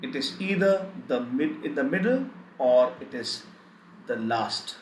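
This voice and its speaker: Slow, repetitive man teaching in a roomy echo. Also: mid-range voice, animated, a little hiss or hum. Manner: slow, repetitive, drills word lists. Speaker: German language teacher. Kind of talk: live online language lesson.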